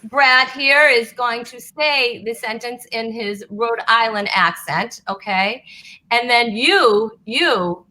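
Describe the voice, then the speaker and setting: A woman hosts a comedy talk show in a fairly high, bright voice. She talks slowly and haltingly, full of "uh" and restarts, with a playful touch. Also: low-quality recording.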